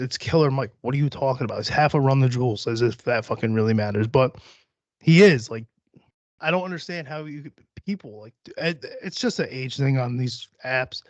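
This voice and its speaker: A man's voice: medium pitch, dry recording. A young man hosting a solo podcast, rambling and swearing freely, mocking himself as he talks himself down. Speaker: podcast host. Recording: dry, slightly dull home recording.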